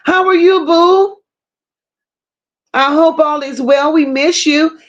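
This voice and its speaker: High-voiced woman greeting livestream viewers slowly. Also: lo-fi sound. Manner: reads chat names aloud, affectionate slang and swearing. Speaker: livestream host.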